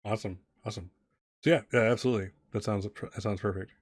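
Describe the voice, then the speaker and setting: A man's voice: lowish voice, steady tone, quick pace, husky, no echo, studio quality. A man narrating a tabletop game as game master, rambling with many fillers and restarts.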